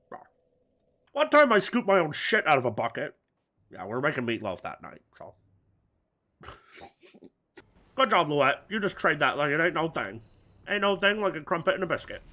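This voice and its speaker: Man, high and bright voice, rambling gameplay commentary with absurd crude jokes. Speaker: gaming video host. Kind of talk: let's-play commentary.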